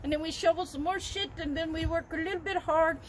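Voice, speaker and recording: An older woman telling a personal story in an interview, lively and laughing often as she acts out dialogue. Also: very high voice, fast, a little hiss or hum, poor audio. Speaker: interview guest, wild animal trainer.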